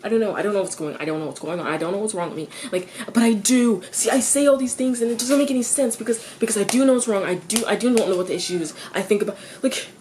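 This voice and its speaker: A teenage girl venting in a confessional vlog. She stops and restarts her sentences, repeats herself, swears freely, and her voice jumps high when she gets exasperated. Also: quick pace, few pauses, darkish tone, a little hiss or hum. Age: teens.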